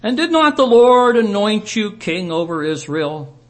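A man voicing a stern prophet who rebukes a king with loud, declaiming questions in a Bible lesson. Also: mid-range voice, big pitch swings, moderate pace, slightly rough. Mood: rebuking.

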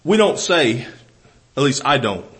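A man with a Southern US accent preaching a sermon to a congregation, earnest, often restarting phrases, swinging between loud emphasis and soft, intimate asides. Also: mid-range voice, very animated, a little slow, rough recording.

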